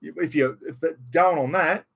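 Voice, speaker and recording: A man's voice: on the high side, unhurried, gravelly, fairly bright tone, slightly rough. A middle-aged Australian man chatting bluntly and rambling on a casual live stream, still getting over a cough. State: slight cough after illness. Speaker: livestream host.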